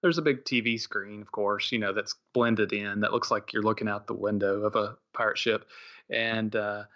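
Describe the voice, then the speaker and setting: A man's voice: fairly low pitch, steady tone, moderate pace, pushed and bright, muffled recording. A middle-aged man co-hosting a podcast, telling a rambling story in casual chat with many fillers and restarts. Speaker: podcast co-host.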